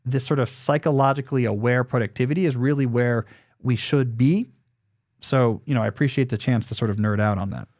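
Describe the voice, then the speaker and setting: A man's voice: mid-range voice, fairly quick, a little mellow, dry recording, clean studio sound. A man in his forties hosting a podcast, explaining his advice in a casual, thinking-aloud way. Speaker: podcast host.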